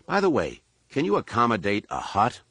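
A man's voice: mid-range voice, huge pitch swings, moderate pace, bright, forceful tone, husky, dry recording, heavily acted. A man voicing a confident young male Jedi in an audiobook. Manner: cool, self-assured.

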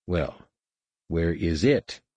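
A man voicing a mad, crippled alien master who swings between cold calm and shrill rage, in a husky, pitched-up voice. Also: extremely slow, no room sound, exaggerated voice. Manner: erratic, imperious, shifting between calm and screeching.

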